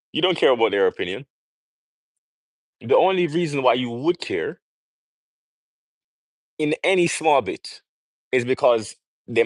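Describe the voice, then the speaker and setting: A man's voice: mid-range voice, no echo, rough recording. A young man from Jamaica talking on a livestream, preaching in an emphatic way and firing off rhetorical questions. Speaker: livestream host. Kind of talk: casual livestream monologue.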